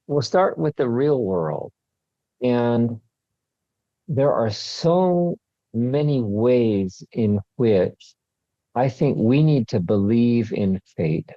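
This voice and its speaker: Male author guest, slow and mellow, a bit muffled and dry. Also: mid-range voice, no echo. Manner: slow, deliberate and thoughtful. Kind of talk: casual chat.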